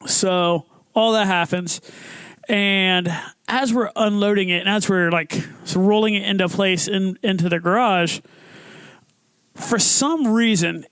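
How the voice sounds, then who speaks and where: High-voiced man telling a profane story. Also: clean tone, no room sound. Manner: profane, animated storytelling with acted-out quotes. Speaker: podcast host. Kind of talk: casual storytelling chat.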